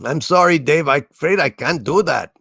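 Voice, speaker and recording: A man voicing a calm, menacing ship computer with a relaxed Chicano accent, refusing requests in a slow, mock-polite way. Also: on the high side, vocal fry, breathy edge, dry recording, clean studio sound, exaggerated voice. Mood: calmly refusing.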